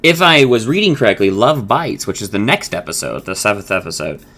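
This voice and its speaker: Bright-voiced man rambling through an episode recap. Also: on the low side, very animated, fairly quick. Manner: rambling, profane, self-correcting. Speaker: host of an episode discussion channel. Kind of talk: casual episode recap and commentary.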